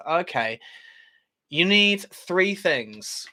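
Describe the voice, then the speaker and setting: A man's voice: fairly high pitch, lively intonation, very slow, pauses often, pushed and bright. A British man hosting a casual livestream, chatting as he reads out viewer comments, with frequent fillers and laughs. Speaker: channel host.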